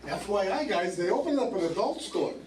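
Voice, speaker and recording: High-voiced, chatty male open mic host. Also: animated, fairly quick, a little mellow, distant mic. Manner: chatty, storytelling, crude jokes. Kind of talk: club emcee banter. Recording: roomy bar from afar, crowd noise.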